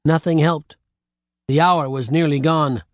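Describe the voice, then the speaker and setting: A man narrating an audiobook with lively storytelling on a close studio mic. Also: fairly high pitch, unhurried, no room sound.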